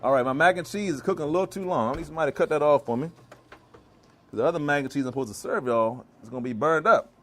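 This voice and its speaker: A man's voice: a little high, fast talker, a bit bright. A man giving a vegan cooking demonstration to a live audience, calling out to the crowd like a preacher. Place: church hall kitchen.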